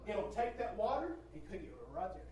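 A man's voice: high-pitched, very animated, normal speed, mellow, a little hiss or hum. A male preacher giving an emphatic sermon, swelling and dropping his voice and repeating phrases for effect. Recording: roomy hall from a distant mic, faint ambience.

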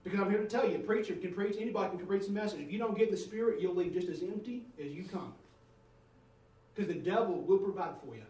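High-voiced preacher in a roomy church. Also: male voice, fast talker, darkish tone, distant mic. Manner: storytelling, with calls to the congregation. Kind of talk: sermon. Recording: roomy room, voice away from the mic.

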